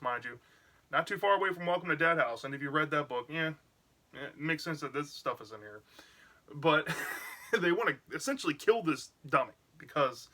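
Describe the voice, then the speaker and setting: A book reviewer with a fairly high, sharp-toned voice gives a casual, chatty recap of a book's plot, frequently checking in with "right?".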